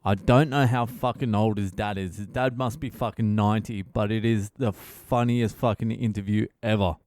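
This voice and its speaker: A man's voice: fairly low pitch, fairly even intonation, moderate pace, darkish tone, no echo, studio quality. A male comedian hosting a short podcast, telling a story in a casual, profane, laid-back way.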